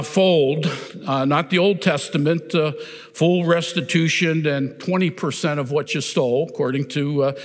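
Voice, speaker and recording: Slow, deliberate man preaching in a reverberant hall. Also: a little high, fairly bright tone. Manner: deliberate and emphatic, often saying "notice". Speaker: pastor. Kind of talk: sermon. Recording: long reverb of a large hall.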